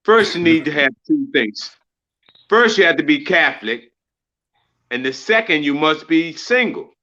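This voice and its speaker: A man voicing a kindly nun in a joke he is telling, speaking calmly and instructively. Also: a little high, measured pace, highs cut off.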